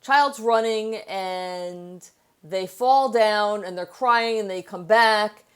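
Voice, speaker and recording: Clear and resonant, her mid-range voice takes things slowly. She's an author and therapist in an interview conversation, explaining ideas and telling stories from her practice with many restarts.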